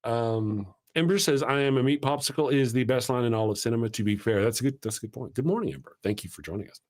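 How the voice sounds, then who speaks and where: A man's voice: mid-range voice, lively intonation, fast, darkish tone. A man hosting a casual live chat, eagerly retelling movie scenes in a loose, rambling way. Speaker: show host.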